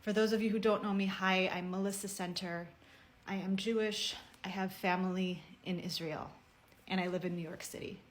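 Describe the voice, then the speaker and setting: A woman telling a personal story in a heartfelt message to camera, speaking earnestly and at a measured pace. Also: mid-range voice, fairly even intonation.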